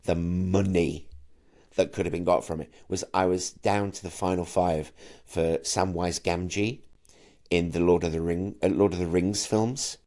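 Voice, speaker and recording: A middle-aged man from Manchester, a camp and animated actor and singer who often stammers into his sentences while chatting as an interview guest. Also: low voice, measured pace. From Manchester, England. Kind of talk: casual interview chat.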